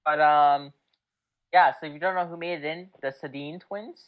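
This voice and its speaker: A young woman co-hosting a podcast, trading quick teasing banter in a casual sports chat. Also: sits low, steady tone. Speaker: podcast co-host. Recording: dull lo-fi mic.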